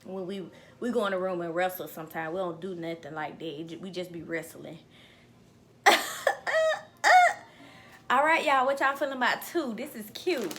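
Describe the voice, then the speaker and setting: Young woman vlogger, casual haul chat, very animated pitch, bright tone. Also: a little fast, few pauses. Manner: animated, playful, lots of "girl" and "y'all", bursts of laughter and singing. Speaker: vlogger reviewing wigs. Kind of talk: casual chatty haul vlog. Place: indoors at home.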